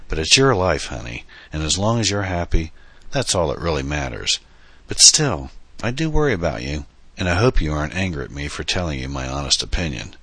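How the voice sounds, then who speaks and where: A man's voice: very deep voice, big pitch swings, brisk, sharp tone, husky, no echo, heavily acted. A man voicing a genial older uncle in an audiobook, speaking fondly and teasingly to his niece. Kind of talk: audiobook dialogue.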